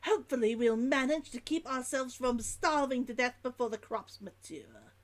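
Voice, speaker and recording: A woman's voice: sits high, normal speed, close to an everyday voice. A woman reading out a weary stranded merchant's log in a put-on Old London accent, dropping her H's with a theatrical Victorian delivery. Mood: weary, grim.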